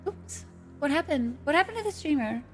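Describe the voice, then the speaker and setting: A woman's voice: high-pitched, expressive, normal speed, faint music behind. A woman streaming live, chatting with her viewers in a playful way, swearing freely and laughing often.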